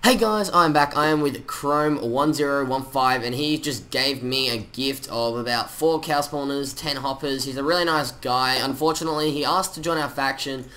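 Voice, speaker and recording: A man giving chatty, excitable commentary over his own gameplay, full of slang. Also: medium pitch, normal speed, hardly any pauses. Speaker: gaming channel host.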